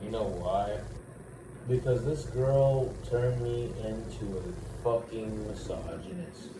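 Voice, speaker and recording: In casual storytelling, a man in his twenties rambles through a profane personal tale, constantly saying "like" and starting over. He speaks slowly, with a fairly low voice, picked up by a roomy, distant mic against background noise.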